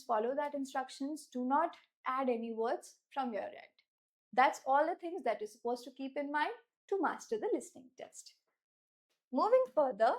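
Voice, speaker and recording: A woman with an Indian English accent teaches a lesson in a high, light voice. She speaks clearly and deliberately, and she slows down on the words she wants her students to remember. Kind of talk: instructional lesson.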